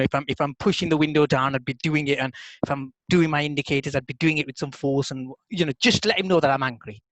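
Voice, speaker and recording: A man, a podcast co-host, telling a story in casual chat with lively repeats and restarts. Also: on the high side, no room sound, low-quality recording. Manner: animated storyteller, repeats words when excited. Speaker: podcast co-host, NLP practitioner.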